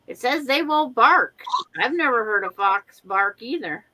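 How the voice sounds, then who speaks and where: A woman's voice: on the high side, lively intonation, unhurried, bright, forceful tone, poor audio. A woman hosting a livestream chat over a video call from home, telling chatty stories and acting out quotes. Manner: chatty storyteller who acts out quotes. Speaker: host of a sewing livestream. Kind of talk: casual chat.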